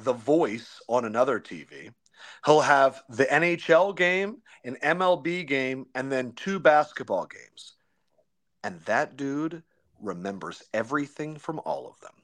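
A young man, a sports broadcaster, chatting in an interview, telling stories with slang and quick impressions of colleagues. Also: medium pitch. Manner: animated storyteller, slangy, does quick impressions. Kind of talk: casual interview chat.

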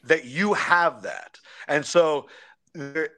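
A young man, a sports broadcaster, chatting in an interview, telling stories with slang and quick impressions of colleagues. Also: fairly high pitch. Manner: animated storyteller, slangy, does quick impressions. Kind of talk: casual interview chat.

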